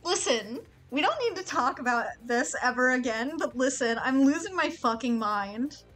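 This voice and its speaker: A woman streams a game live, talking in an excitable, rambling way full of swearing. Her voice sits fairly high, with faint music playing behind her. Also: normal speed.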